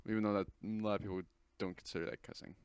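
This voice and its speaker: Chatty teenage guy, low voice. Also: steady tone, rapid-fire, clear, resonant tone, dry recording. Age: teens. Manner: chatty, rambling, self-correcting. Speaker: host. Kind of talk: casual commentary over a screen recording.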